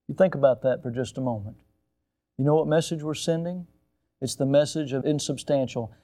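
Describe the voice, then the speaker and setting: Older guy pastor preaching, high voice, gets loud then drops way down. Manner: preaching with emphatic rises and sudden drops. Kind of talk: sermon.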